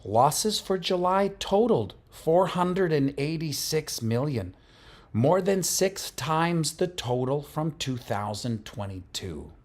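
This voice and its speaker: A man doing an impression of a hyped male crypto news presenter, reading headlines in a loud, drawn-out announcer way. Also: on the high side, big pitch swings, voice pushed up, full character voice.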